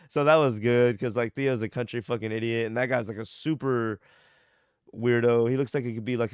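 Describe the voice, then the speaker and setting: A man's voice: mid-range voice, smooth, no echo, studio quality. A young man chatting casually on a podcast, laid-back and rambling, swearing and saying "like" a lot. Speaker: podcast co-host. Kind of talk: casual chat.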